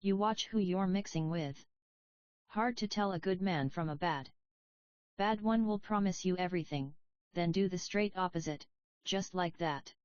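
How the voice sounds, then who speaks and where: A woman's voice: fairly low pitch, moderate pace, darkish tone, no echo, highs cut off, natural voice. A woman reading as a bossy old grandmother. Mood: scolding. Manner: scolding, matter-of-fact. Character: bossy old grandmother, sharp-tongued and protective.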